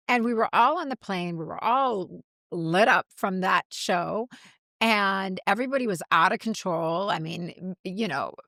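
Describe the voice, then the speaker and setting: A middle-aged woman co-hosts a podcast in casual chat, telling an animated story full of acted-out quotes. Her mid-range voice moves at a measured pace, recorded dry with studio quality.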